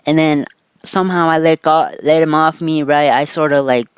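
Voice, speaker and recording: A man's voice: on the high side, fairly even intonation, measured pace, smooth, no echo. Young man rambling a storytime, "right?". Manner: rambling, repeats "right?" after almost every phrase; loose and profane, with fillers and restarts. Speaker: vlogger. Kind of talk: casual storytime monologue.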